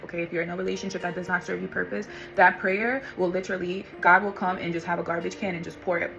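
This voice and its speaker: A woman telling her personal faith testimony in a casual, animated way, calling listeners honey and y'all and acting out what others said. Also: lowish voice, rough recording. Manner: animated, acts out voices of others and God. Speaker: vlogger sharing faith testimony.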